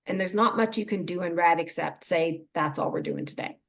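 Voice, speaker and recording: Animated woman coaching in conversation. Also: fairly low pitch, brisk, creaky. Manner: animated, acts out inner thoughts in quoted voices. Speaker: mental performance coach. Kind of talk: casual interview conversation.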